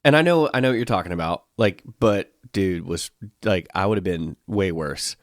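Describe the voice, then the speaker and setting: A man's voice: deep voice, normal speed, dry recording, clean studio sound. A man co-hosting a podcast in casual chat, playful and jokey, acting out silly voices. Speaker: podcast co-host.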